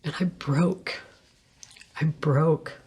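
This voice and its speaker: A woman sharing a personal faith testimony in an earnest, reflective way, with pauses and restarts. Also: low-pitched, steady tone, darkish tone, slightly rough.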